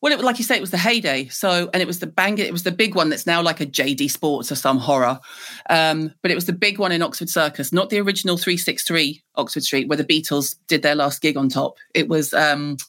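A middle-aged woman from Liverpool with a Scouse accent, a guest telling lively stories in a podcast interview. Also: sits low, fairly quick. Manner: lively, animated storyteller.

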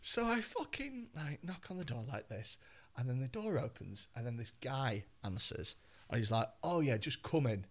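A man, a comedian guest telling an anecdote in an animated, expletive-laden way on a podcast. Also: medium pitch, moderate pace.

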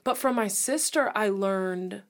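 A young woman chatting openly on a podcast. She is candid and expressive and swears casually now and then. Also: medium pitch, a little slow. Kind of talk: casual chat.

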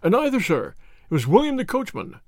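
A man's voice: sits high, wildly swooping pitch, fairly quick, darkish tone, no echo, studio quality, pitched above the performer's own voice. A man voicing a flustered, deferential country butler who delivers news in an agitated rush.

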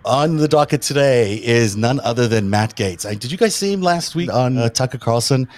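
A man's voice: medium pitch, lively intonation, normal speed. A man hosting a political talk show, chatting and joking with his panel as he leads the conversation. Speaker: podcast host.

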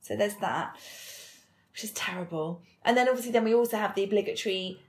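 A woman's voice: medium pitch, a little fast, a little mellow. A woman co-hosting a podcast, retelling a TV episode in a chatty, filler-heavy way. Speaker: podcast co-host. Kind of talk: casual chat recapping a TV episode. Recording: echoey room.

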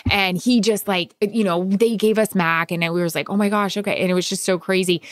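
A woman's voice: lowish voice, no echo, studio quality. Emotional woman telling a personal story. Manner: emotional storytelling with excited bursts. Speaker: podcast co-host. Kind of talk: casual chat.

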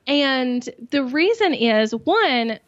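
A woman's voice: sing-song, very slow, dry recording, dull audio. A woman guest on an interview, talking casually and in a bubbly, over-the-top way about making videos. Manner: bubbly, over-the-top, acts out quotes in high voices. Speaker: guest, YouTube coach.

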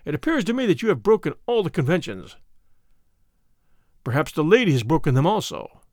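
A man's voice: fairly high pitch, sing-song, a little fast, darkish tone, no echo, studio quality. A man voicing an arrogant, wounded male army captain in an audiobook reading, indignant and blustering. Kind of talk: audiobook character voice.

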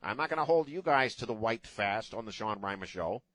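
A man's voice: lowish voice, animated, a little fast, fairly bright tone, dry recording. A man hosting a talk radio show, talking in a sarcastic, mocking way into a studio microphone.

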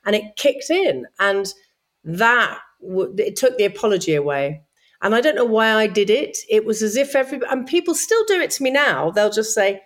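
A middle-aged woman chatting in an interview, an animated storyteller who acts out quoted voices in a high sing-song. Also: moderate pace. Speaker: guest. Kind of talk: casual interview chat.

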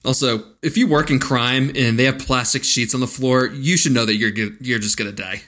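A man's voice: mid-range voice, fairly quick, a bit bright. A man co-hosting a casual movie podcast, swearing and laughing often as he recaps scenes. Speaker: podcast co-host. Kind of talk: casual movie-review chat.

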